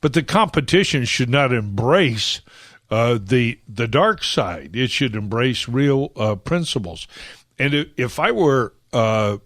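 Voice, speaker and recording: A man hosting a political talk radio show, opinionated and halting, with many fillers and restarts. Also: mid-range voice, animated, a bit bright, dry recording, studio quality.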